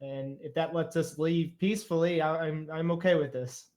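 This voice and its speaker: A man's voice: fairly high pitch, steady tone, normal speed, darkish tone, close to an everyday voice. A man voicing a cautious male spellcaster who speaks hesitantly and politely. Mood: wary, polite.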